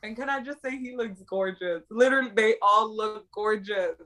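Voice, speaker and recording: Excitable young woman recapping a drama. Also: mid-range voice, normal speed. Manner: excitable, slangy, retells scenes. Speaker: podcast co-host. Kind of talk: casual chat recapping a drama.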